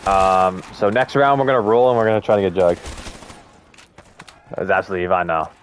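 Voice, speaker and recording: A man's voice: low voice, brisk, a little hiss or hum. A young man chatting casually to viewers while live-streaming a game, with laid-back slang and frequent swearing. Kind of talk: casual gaming stream chat.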